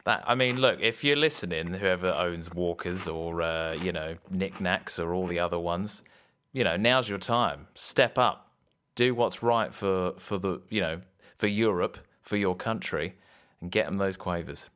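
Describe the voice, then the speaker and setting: A man with a notably deep voice holds up his end of a loose comedy podcast. He talks in a sardonic, riffing way, spinning silly ideas into running gags. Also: a little slow, a bit bright, clear, resonant tone. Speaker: podcast co-host. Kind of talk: casual comedic banter.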